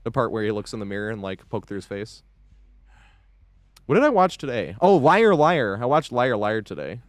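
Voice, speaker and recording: A male game streamer talking live over his gameplay, his pitch jumping around a lot as he swears freely and breaks into laughter. His voice sits at an ordinary middle pitch, and he chats loosely with his viewers between moments of play. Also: sing-song, moderate pace, no echo. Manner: chatty, thanks viewers while playing.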